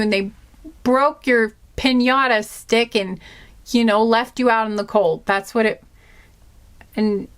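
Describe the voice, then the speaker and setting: Indignant rambling woman tarot reader. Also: a little high. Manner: animated, indignant, rambling with many restarts and filler words. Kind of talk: casual tarot reading monologue.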